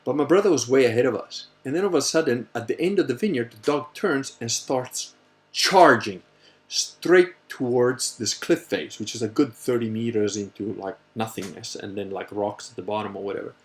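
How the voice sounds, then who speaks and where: Man, middle pitch, casual livestream Q&A, rambling storyteller, profane, animated. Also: moderate pace. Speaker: host answering viewer questions.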